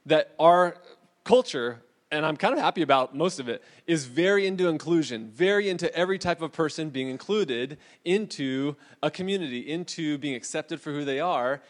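A man from California preaching a casual, conversational sermon to a congregation in the room, loose and chatty with lots of asides. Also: a little high. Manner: relaxed, chatty, many "like"s and asides. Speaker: pastor.

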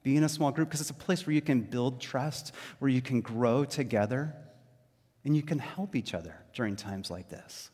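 A man preaching a sermon as pastor, talking in a loose, conversational way with lots of fillers and lively storytelling. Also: medium pitch, normal speed, breathy edge, long reverb tail.

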